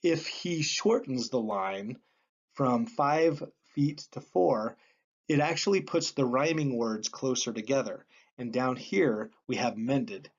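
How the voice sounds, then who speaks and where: A man teaching a class in a plain, explanatory way, often pausing on um and uh. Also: mid-range voice. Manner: plain explanatory, with frequent um and uh fillers. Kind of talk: classroom lecture. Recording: slightly dull lo-fi recording.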